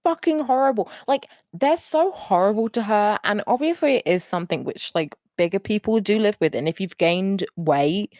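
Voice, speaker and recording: A woman's voice: medium pitch, animated, moderate pace, few pauses, darkish tone, no echo, studio quality. A young woman co-hosting a podcast in casual, sarcastic chat, swearing freely. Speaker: podcast co-host.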